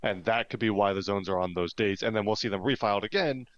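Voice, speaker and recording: A man co-hosting a relaxed livestream discussion explains details and floats his own theories. His voice is fairly low. It comes through a dull lo-fi mic with a dry, close sound. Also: fast talker, no echo. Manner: explanatory, speculative. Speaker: co-host, news director. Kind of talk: casual livestream chat.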